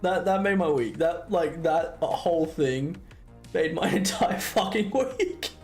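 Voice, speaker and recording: A woman chats on her livestream, giggling through a story at an unhurried pace. Her pitch swings widely, and faint music plays behind her. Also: lively intonation, a little mellow. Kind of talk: casual stream chat.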